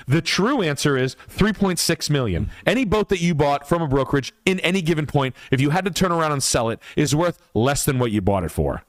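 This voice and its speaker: A man's voice: fairly high pitch, animated, fairly quick, hardly any pauses, no echo. A man hosting a livestream podcast, ranting casually in a heated, profane way. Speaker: podcast host.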